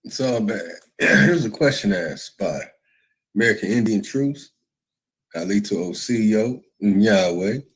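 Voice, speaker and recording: Male livestream host, lowish voice, loose and reactive. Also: animated, slow, rough recording. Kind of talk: casual livestream talk.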